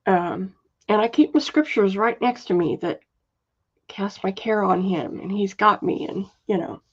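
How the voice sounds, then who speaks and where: Over dull, lo-fi livestream sound, a medium-pitched, slightly rough female voice runs a casual selling chat. She's warm and talkative, speaks slowly and softly, uses frequent fillers, and reads out comments from viewers.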